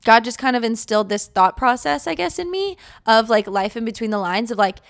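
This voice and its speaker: A woman's voice: on the high side, animated, a little fast, creaky. A young woman hosting a faith podcast, talking casually and rambling with lots of fillers, animating her retold thoughts. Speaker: podcast host.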